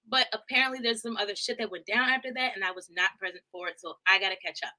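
A woman live-streaming a loose movie recap to her viewers. Her talk wanders and she swears freely, with animated, laughing asides. Her voice is bright and a touch high. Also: fairly quick. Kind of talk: casual movie recap chat.

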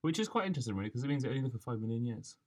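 A man co-hosting a podcast, animated and questioning, often laughing. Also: medium pitch, very fast. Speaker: podcast co-host. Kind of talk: casual podcast chat.

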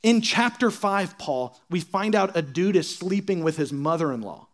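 A young man with a high voice delivers a casual, joking sermon. He mocks petty quarrels by acting out churchgoers' lines in sarcastic asides. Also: lively intonation, moderate pace. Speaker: pastor.

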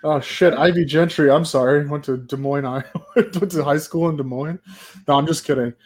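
A man's voice: a little high, a little fast, darkish tone. A man co-hosting a podcast, telling loose anecdotes in casual chat with plenty of swearing. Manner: loose, profane storyteller. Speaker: podcast co-host.

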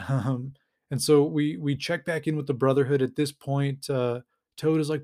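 A man hosting a podcast, casually retelling a comic storyline with lots of fillers and brief acted-out character lines. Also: mid-range voice. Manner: animated retelling with quick put-on character voices, many fillers. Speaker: podcast host recapping comics.

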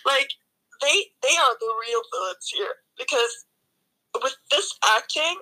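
A young woman co-hosting a casual movie review chat, blunt and sarcastic in an animated way. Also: high-pitched, measured pace, low-quality recording. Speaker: co-host.

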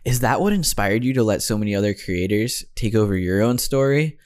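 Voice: mid-range voice, expressive, a little fast, a little mellow. A podcast host with a mid-range voice chats easily with a guest. The host asks curious, informal follow-up questions. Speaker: interview host. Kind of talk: casual chat.

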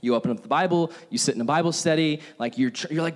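A young man preaching a casual, conversational sermon and telling stories, animated and acting out his own reactions. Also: mid-range voice, fast, hardly any pauses. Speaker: pastor. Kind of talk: sermon with personal storytelling.

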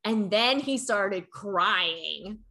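A woman's voice: medium pitch, expressive, extremely slow, sharp tone. Young woman, rambling storyteller, lots of fillers, casual. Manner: rambling, filler-heavy storytelling with acted quotes. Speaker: storyteller in a chat. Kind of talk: casual chat.

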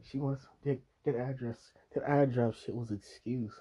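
A man's voice: mid-range voice, steady tone, measured pace, long pauses, dark tone, breathy edge. A man hosting a podcast, telling casual stories full of profanity, frequent laughter and acted-out quotes. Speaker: podcast host. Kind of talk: casual storytelling.

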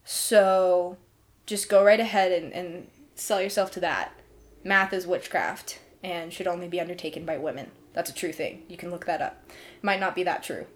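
A woman's voice: lowish voice, normal speed. Giggly, playful woman co-hosting a podcast. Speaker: podcast co-host. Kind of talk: casual podcast banter.

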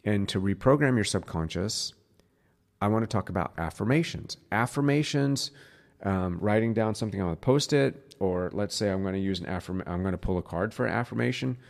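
A man hosting a spiritual podcast, teaching in a casual, earnest way and dropping to a soft, slow voice to demonstrate. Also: on the low side, gravelly.

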